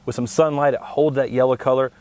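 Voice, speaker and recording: A man co-hosting a plant show, explaining tree varieties in a steady, knowledgeable way. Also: medium pitch, fast. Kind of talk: informative product talk.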